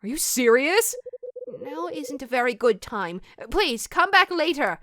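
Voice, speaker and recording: A woman reading the lines of a guarded woman, quiet and hesitant with small stammers, over game music. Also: sits high, very animated, unhurried, a little hiss or hum, pitched above the performer's own voice, heavily acted. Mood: evasive. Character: guarded woman, evasive, brushing someone off. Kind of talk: reading game dialogue aloud.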